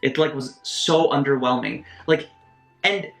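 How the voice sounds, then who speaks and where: A man giving a casual video essay review of a film, animated, with quick asides and mock voices. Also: mid-range voice, gravelly. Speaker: movie reviewer. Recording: roomy echo, faint music behind.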